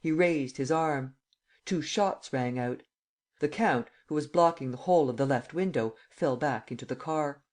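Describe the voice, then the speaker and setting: A man giving a steady, measured scripted narration of an audiobook. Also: fairly high pitch.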